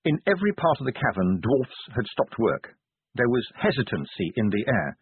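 A man narrating a novel as an audiobook reader, in measured storytelling. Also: breathy edge, no room sound. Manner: measured storytelling with lively pitch. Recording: phone-like lo-fi audio.

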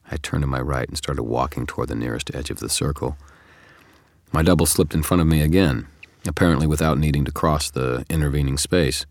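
Guy narrating an audiobook, super low voice, steady, dry. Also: fairly quick, dry recording. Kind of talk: scripted first-person narration.

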